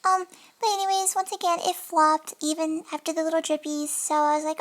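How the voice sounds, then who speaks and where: A woman's voice: very high voice, fairly even intonation, brisk. A young woman in a casual, chatty voice-over, narrating her nail art at home and often apologizing between fillers. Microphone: desk mic.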